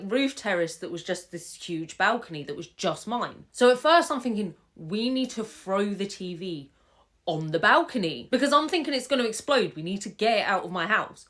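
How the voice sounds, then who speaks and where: A young woman telling a story from her own life in a casual, animated way, laughing and swearing now and then. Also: mid-range voice. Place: home room with fairy lights.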